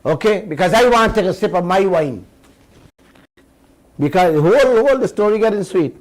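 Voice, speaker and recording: A middle-aged radio host with a high, expressive voice delivers an emphatic political commentary monologue directly to his listeners, calling them uncle and auntie. He draws out his words, and the recording is rough.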